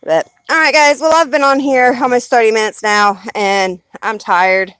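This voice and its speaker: A woman's voice: a little high, fairly even intonation, moderate pace, fairly bright tone, clean tone, no room sound. Blunt, rambling Southern woman streamer. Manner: rambling and blunt, swears freely. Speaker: live streamer. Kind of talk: casual live-stream chat.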